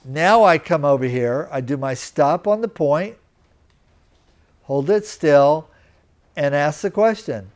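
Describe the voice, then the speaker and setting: A man lectures to a small class at an unhurried pace, his voice sitting a little high for a man. He walks through each step carefully and often stops to ask whether his students understand. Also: expressive. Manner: slow, deliberate, checks in with students. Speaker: teacher. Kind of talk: live lecture. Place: teaching center room.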